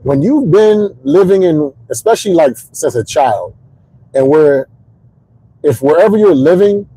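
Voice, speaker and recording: Man, 30s, comedian host, casual rambling monologue, gravelly husky voice, very lively pitch. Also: measured pace, poor audio. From Connecticut, US. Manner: rambling, animated storytelling. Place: parked car.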